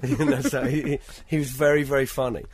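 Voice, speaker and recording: A British man in an interview, telling travel anecdotes in a lively, conversational way and acting out other people's lines. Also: mid-range voice, a little fast, dry recording. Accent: British English. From Britain. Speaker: interview guest, travelling performer.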